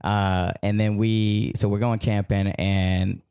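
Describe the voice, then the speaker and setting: A man telling a long, rambling story as a podcast guest, animated and full of fillers. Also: lowish voice, takes it slowly, clear, resonant tone, no room sound, studio quality. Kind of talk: casual storytelling.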